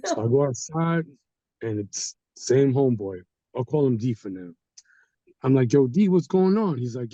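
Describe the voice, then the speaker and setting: Guy spinning a story, acts out everyone he quotes, mellow voice, kinda muffled dry sound. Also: mid-range voice, moderate pace, dry recording. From Haitian community. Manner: animated, acts out quoted people. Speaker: guest storyteller. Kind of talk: casual storytelling. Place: studio.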